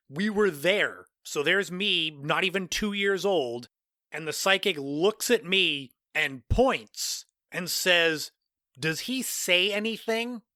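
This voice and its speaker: A man's voice: on the high side, pushed and bright, no echo, studio quality. A man in his forties from Cape Cod, Massachusetts, hosting a podcast and telling a personal story in a conversational way, with offhand asides. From Cape Cod, Massachusetts, USA. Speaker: podcast host.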